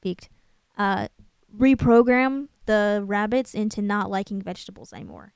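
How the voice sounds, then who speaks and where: A woman's voice: medium pitch, moderate pace, creaky, a little mellow, clear, resonant tone, no echo. A young woman hosting her own channel, talking casually about a film, rambling and stopping to hunt for words. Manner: rambling, self-deprecating, searching for words aloud. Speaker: channel host.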